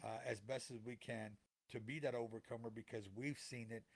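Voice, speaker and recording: A man's voice: medium pitch, steady tone, a little fast, vocal fry. A middle-aged man talking earnestly to listeners as a podcast co-host, repeating phrases for emphasis in a heartfelt motivational way.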